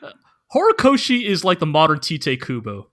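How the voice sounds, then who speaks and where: Higher, bright man rambling in slang. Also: wildly swooping pitch, moderate pace. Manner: slangy, rambling, lots of fillers. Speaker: podcast co-host. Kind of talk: casual chat.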